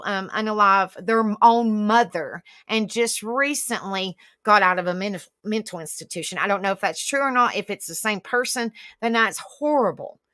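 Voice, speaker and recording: A woman's voice: mid-range voice, pushed and bright, dry recording, studio quality. A woman hosting a live stream, ranting indignantly and swearing as she talks straight to her viewers. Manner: indignant, rambling, swears freely; talks back to online comments. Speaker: livestream host.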